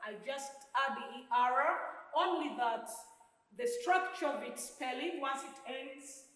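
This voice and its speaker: A woman teacher giving a grammar lesson, speaking slowly and deliberately and repeating key words for her pupils. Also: high voice, fairly bright tone. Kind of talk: recorded English grammar lesson. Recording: roomy recording with long reverb.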